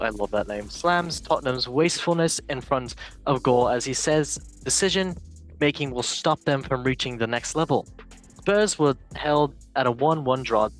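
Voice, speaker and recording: A man's voice: medium pitch, a bit bright. A young man hosting a football show, reading news headlines and joking around in a casual chat. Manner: playful, joking, reads headlines then riffs. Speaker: show host.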